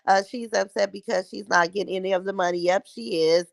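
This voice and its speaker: A woman's voice: medium pitch, steady tone, a little fast, gravelly, hardly any pauses, no room sound. A middle-aged woman hosting a livestream, chatting casually with viewers and trash-talking bluntly. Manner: blunt, mocking trash talk. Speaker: livestream host. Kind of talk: casual chat reacting to live viewer comments.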